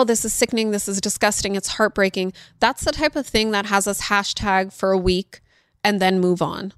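In a clean studio recording without echo, a woman with a medium-pitched, clear voice hosts a solo, reflective podcast. She comes across as earnest and emotional, quickening her pace whenever she relives tense moments.

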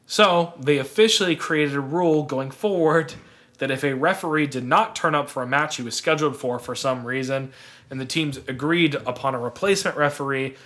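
A man's voice: fairly high pitch, fairly quick, fairly bright tone. A young man co-hosting a podcast, telling a sports story in casual chat, rambling and laughing often. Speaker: podcast co-host.

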